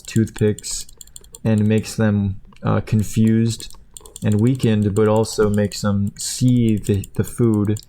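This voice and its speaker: A man's voice: lowish voice, warm tone, slight background noise. A man casually retelling a story in a meandering, chuckling way, with lots of fillers. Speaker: video creator. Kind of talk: casual rambling plot retelling.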